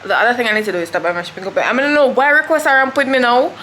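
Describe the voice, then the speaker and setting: A woman's voice: a little high, racing, sharp tone, slight background noise. A young woman with a Jamaican accent, chatting casually to camera as a vlogger and thinking aloud about her plans. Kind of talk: casual vlog chat.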